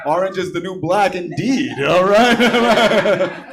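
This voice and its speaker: A man with a higher voice emcees a live comedy show, chatting and laughing between intros. There is clear background noise on the stage recording. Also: animated, slow pace. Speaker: show host.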